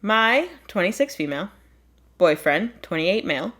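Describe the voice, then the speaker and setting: A woman's voice: lowish voice, very animated, moderate pace, a bit bright. Playful woman hosting an advice podcast. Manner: playful, slips into put-on accents. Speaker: podcast host. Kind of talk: casual chat.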